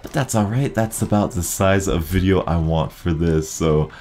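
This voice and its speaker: Deep-voiced excitable gaming commentator man. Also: normal speed. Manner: chatty, excitable, rambling. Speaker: gaming channel host. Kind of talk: casual gameplay commentary.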